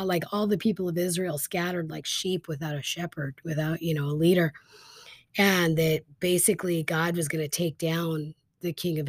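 A woman's voice: on the low side, dry recording, clean studio sound. Chatty woman retelling a Bible story. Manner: chatty, animated retelling with lots of fillers. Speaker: Bible teacher.

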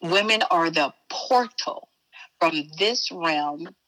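A woman's voice: lowish voice, lively intonation, slow, pushed and bright, low-quality recording. A woman from Chicago, a spiritual teacher chatting as an interview guest in an emphatic, folksy way, calling the listener baby and honey. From Chicago, USA. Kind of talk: casual interview chat.

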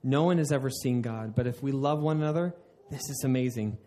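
A man's voice: medium pitch, a little fast, warm tone, a little hiss or hum. A man preaching a sermon in an earnest way, often restarting mid-phrase and laughing at himself. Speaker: pastor.

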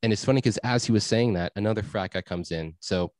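A man's voice: lowish voice, fast, a little mellow, no echo. A young man telling a rambling story in a casual chat, laid-back, swearing and full of fillers. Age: young adult.

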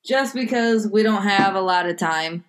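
A woman's voice: medium pitch, normal speed. A young American woman co-hosting a casual chat, laid-back as she quizzes her co-host. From United States. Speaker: podcast co-host.

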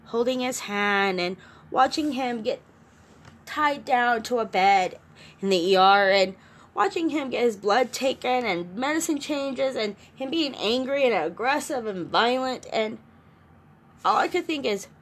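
In a personal vlog about co-parenting struggles, a middle-aged woman speaks to her camera unhurriedly, her voice on the high side and expressive. The delivery is earnest, emotional and rambling, with restarts.

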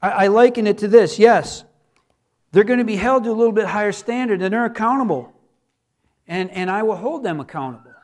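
Pastor guy preaching, really high voice, earnest, hammers words over and over. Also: a little fast. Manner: earnest, repeats words for emphasis. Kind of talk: sermon.

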